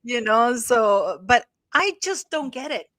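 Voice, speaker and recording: A woman's voice: fairly high pitch, expressive, slow, fairly bright tone, dry recording. Chatty woman hosting a livestream. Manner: rambling, chatty, many restarts and effusive thank-yous. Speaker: livestream host. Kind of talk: casual livestream chat.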